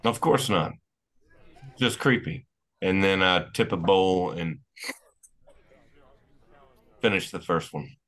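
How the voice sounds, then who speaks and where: A man's voice: low voice, slow pace, pauses often, fairly bright tone. A man playing a tabletop game in casual role-play, cracking cheeky jokes in character. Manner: wisecracking, cheeky banter. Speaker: player.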